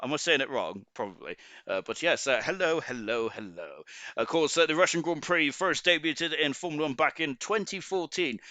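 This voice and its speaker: Bright-voiced Forest of Dean man commentating. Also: fairly high pitch, lively intonation, dry recording. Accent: Forest of Dean (Gloucestershire) English. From Forest of Dean, England. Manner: chatty, halting, full of ums and restarts. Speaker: sim racing league commentator. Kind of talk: live stream race commentary, reading chat.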